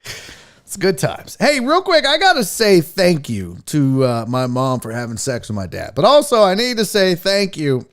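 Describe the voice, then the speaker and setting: A male host of a casual live sports talk stream, loose and rambling, with crude jokes. His pitch is middle-of-the-road, but his delivery swings up and down a lot. He swears casually and moves from topic to topic on a whim. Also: huge pitch swings, measured pace, fairly bright tone. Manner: profane, joking, rambling.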